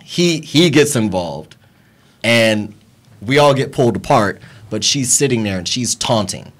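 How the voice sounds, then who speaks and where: A man's voice: mid-range voice, measured pace. A man on a radio talk show telling a story in a casual, blunt way, swearing often and speaking from a studio microphone. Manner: profane, blunt, animated retelling of a bar fight.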